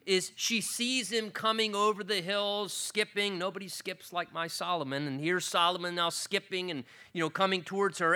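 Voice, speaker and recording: A pastor giving an earnest expository Bible-teaching sermon, repeating himself as he explains and turning animated as he retells the scripture. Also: high-pitched.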